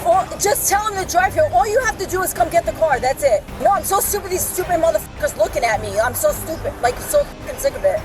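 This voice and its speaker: A woman shouting and cursing angrily at police officers during an arrest at a roadside. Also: very high-pitched, expressive, quick pace, few pauses, a crowd in the background. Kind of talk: heated argument with police. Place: outdoors by a roadside. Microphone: police body camera. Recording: distant body-cam audio with music.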